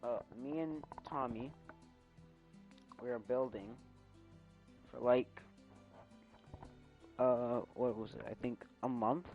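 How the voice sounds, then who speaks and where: A young man streaming casually, rambling with many fillers, his volume swinging loud and soft. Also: medium pitch, steady tone, takes it slowly, pauses often, lo-fi sound. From United States. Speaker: railfan streamer. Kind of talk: casual gameplay stream chat. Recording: loud music behind.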